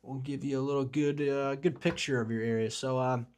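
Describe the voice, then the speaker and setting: A man runs a live weather stream at a medium pitch, talking loosely and chatting with his viewers. He rambles through his points with plenty of fillers. He gets openly excited about big storm setups. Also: a little fast, clean tone. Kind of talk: live forecast discussion with chat.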